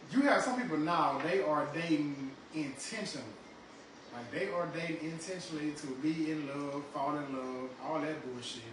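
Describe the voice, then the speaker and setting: A high-pitched man co-hosting a casual podcast, loud and joking with plenty of swearing. He sits well back from the mic in a very echoey room with clear background noise. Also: far from the mic. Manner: loud, joking, profane, repeats himself. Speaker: podcast co-host. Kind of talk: casual chat.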